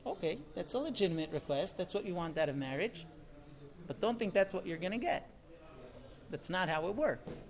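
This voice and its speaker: A man's voice: high-pitched, animated, moderate pace. A man, a rabbi, gives a sermon on marriage, talking emphatically with rhetorical questions.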